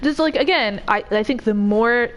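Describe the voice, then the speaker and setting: A woman streams a game and chats casually, rambling with plenty of "like"s and easy laughter. Her voice sits a little high. Faint background noise sits behind her. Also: normal speed, rough recording. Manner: rambling, many "like"s, laughs easily. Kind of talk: casual chat while playing.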